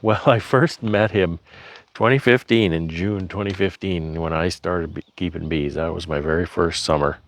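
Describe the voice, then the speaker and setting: A man's voice: deep voice, fairly even intonation, normal speed. A beekeeping man talks to camera in a rambling, earnest way, with frequent fillers and restarts. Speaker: beekeeper vlogger. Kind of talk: casual talk to camera. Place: honey house.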